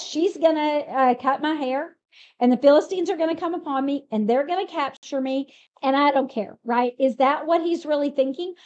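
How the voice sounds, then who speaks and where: Woman, high voice, chatty Bible storyteller who asks her listeners rhetorical questions. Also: a little mellow, dull audio. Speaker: Bible teacher. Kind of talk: casual Bible retelling.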